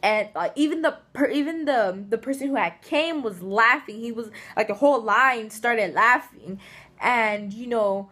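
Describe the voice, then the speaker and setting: Speaking a little slowly in a highish voice, this woman vlogs funny stories about herself to the camera. She's animated, chatty and prone to giggles in this casual storytelling.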